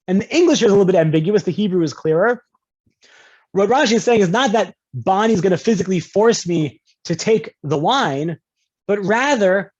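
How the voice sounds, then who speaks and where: A man teaching an online class as a rabbi, conversational and playful with examples, often checking in with "right?", heard through a video call. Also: a little mellow. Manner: playful with examples, jumps into higher pitch for quoted speakers. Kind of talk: online lecture on Jewish law. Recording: dull lo-fi video call audio.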